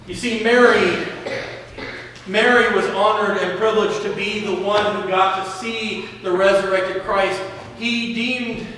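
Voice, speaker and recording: A man preaching a sermon as pastor, slowly retelling a scripture story and often repeating words. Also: high voice, fairly even intonation, bright, forceful tone, a little hiss or hum. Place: church sanctuary. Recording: echoey church hall from a distance.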